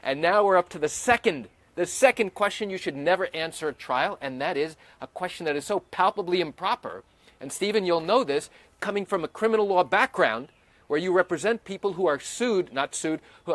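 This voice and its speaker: Emphatic lawyer man, slightly high voice. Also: expressive, moderate pace, a bit bright, no echo. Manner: emphatic, rhetorical questions, acts out courtroom lines. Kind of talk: live video explainer talk. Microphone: camera or webcam mic.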